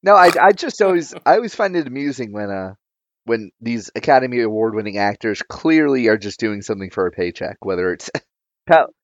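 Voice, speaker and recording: Male guest, lively swooping pitch, crude banter, dry but dull lo-fi audio. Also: brisk, dry recording. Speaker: podcast guest. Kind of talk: casual movie podcast chat.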